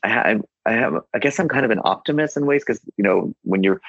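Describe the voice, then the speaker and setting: A man's voice: fairly low pitch, expressive, quick pace, fairly bright tone, no room sound, lo-fi sound. A man guest on an author interview, telling a rambling story full of restarts and quoted dialogue. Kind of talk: casual anecdotal storytelling.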